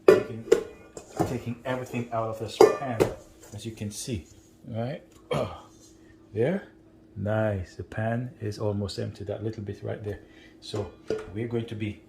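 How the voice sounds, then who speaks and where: A man with a low voice hosts a relaxed cooking lesson from his home kitchen. He keeps up a friendly running chat, checking in with his viewers as he goes. The room rings with echo while dishes, pots and pans clatter loudly around him. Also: vocal fry, very noisy. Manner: chatty, often checks in with 'right?'. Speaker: home cook host. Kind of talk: casual cooking demonstration. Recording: roomy kitchen with loud clattering.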